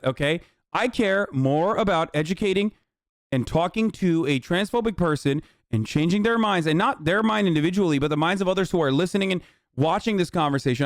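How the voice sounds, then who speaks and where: A man's voice: sits high, no echo, studio quality. A male livestreamer ranting heatedly and profanely at his chat.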